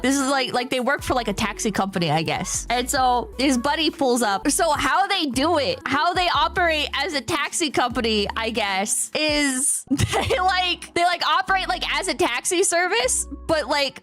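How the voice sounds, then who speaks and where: A woman's voice: a little high, fairly bright tone. A woman streamer telling a story casually to her chat, laughing often and swearing freely.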